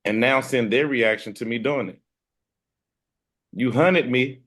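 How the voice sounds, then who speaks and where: A man's voice: medium pitch, unhurried, a bit bright. A man, a hip hop artist, talking as a guest in a casual interview, blunt, boastful and streetwise. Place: room with ceiling fan and air conditioner.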